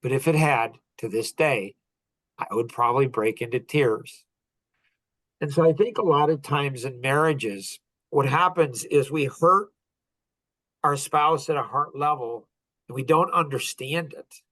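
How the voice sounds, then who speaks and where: A man's voice: medium pitch, unhurried, sharp tone, no echo. Earnest middle-aged man, dry close sound. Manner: earnest and heartfelt, with frequent restarts. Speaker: podcast host. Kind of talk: personal storytelling.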